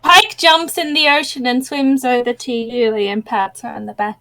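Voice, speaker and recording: Woman player, high voice, quick and giggly, in casual role-play. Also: steady tone, pushed and bright.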